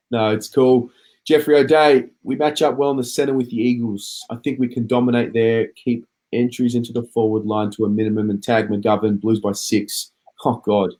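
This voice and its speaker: A man's voice: medium pitch, warm tone. A man hosting a casual footy chat show, reading out viewer comments and chatting along. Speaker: podcast host reading comments.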